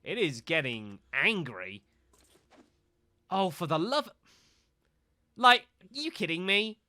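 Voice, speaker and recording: A man's voice: sits high, sing-song, slow, bright, forceful tone. A man streaming a game live, talking to viewers as folks and getting exasperated at missed shots. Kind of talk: live gameplay commentary.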